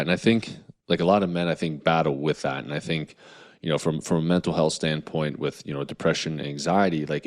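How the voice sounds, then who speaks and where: A man with a very low voice talks as a podcast guest. He is earnest and reflective, working through his thoughts with plenty of "um" and "like.". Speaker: guest, naturopathic and chiropractic doctor. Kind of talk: casual interview chat.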